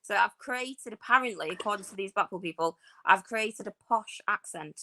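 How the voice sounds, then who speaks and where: A woman with a softened Northeast English accent, chatting as a podcast co-host in an animated, storytelling way. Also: medium pitch, moderate pace. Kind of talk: casual chat.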